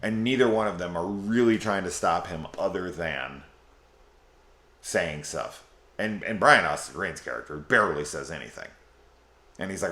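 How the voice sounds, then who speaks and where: A man with a very deep voice talks through a film in a loose, rambling way. He swears freely and gets excited about what he liked. The room around him has a noticeable echo. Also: normal speed. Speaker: film reviewer. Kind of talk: casual spoiler review. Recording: echoey room.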